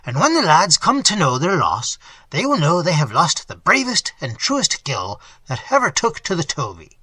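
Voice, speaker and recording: A man doing a gruff Dutch innkeeper. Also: fairly high pitch, wildly swooping pitch, moderate pace, pushed and bright, dry recording, heavily acted. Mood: hearty. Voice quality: gruff, guttural. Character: gruff bloated Dutch innkeeper, hearty and blunt.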